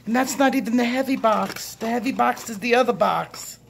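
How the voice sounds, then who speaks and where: A middle-aged woman hosting an unboxing vlog, gushing breathlessly and shaky with excitement, from a room at home. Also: fairly high pitch, a little fast, vocal fry, slight background noise. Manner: breathless, gushing, repeated exclamations. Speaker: coloring channel host.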